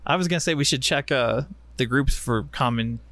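A man's voice: mid-range voice, a little fast, a bit bright, no echo. Guy cohost on a podcast, jokey playful banter, mid voice, super dry recording. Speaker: podcast co-host. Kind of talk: casual chat.

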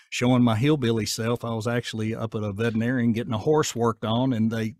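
A man with a Southern accent, talking casually in an interview in a folksy, down-to-earth way with a gruff edge. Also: mid-range voice, level tone, brisk, darkish tone, no room sound, clean studio sound. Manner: folksy, down-to-earth, rambling with fillers. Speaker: voice actor guest.

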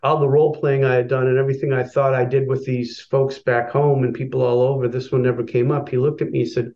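A man's voice: medium pitch, level tone, quick pace, few pauses, dark tone, lo-fi sound. A man telling a long personal story as a guest, with lots of fillers and restarts. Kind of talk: storytelling in an interview.

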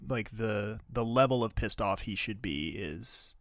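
Profane, animated male podcast host. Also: lowish voice, unhurried, no room sound, clean studio sound. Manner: animated and profane, acts out quotes with laughter. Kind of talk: casual chat recapping a TV episode.

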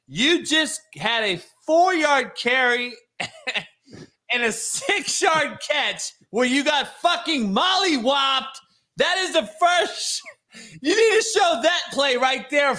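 Loud high-voiced man ranting and swearing. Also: expressive, unhurried. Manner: loud, exasperated ranting with bursts of laughter; heavy swearing. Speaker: football film reviewer. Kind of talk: profane casual commentary on recruit film.

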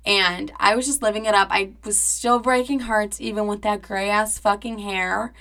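A woman's voice: mid-range voice, steady tone, moderate pace, pushed and bright. A young woman in her twenties hosting a podcast, telling a personal story in a chatty, dramatic way, full of "like" and swearing. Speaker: podcast host. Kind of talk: casual storytelling monologue.

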